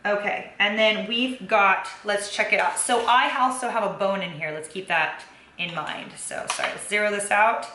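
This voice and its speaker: With a bright, forceful mid-range voice at a moderate pace, a young fitness vlogger gives a casual walkthrough of cooking and food tracking at home. She rambles loosely with many "um" and "kinda" fillers in an echoey kitchen with faint ambience.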